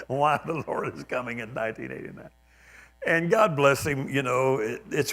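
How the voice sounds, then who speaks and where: A man's voice: lowish voice, a bit bright. A man in his seventies, a pastor, preaching a sermon in a church in a conversational, self-deprecating way, now and then mimicking others with a raised, emphatic voice. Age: 70s. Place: church sanctuary.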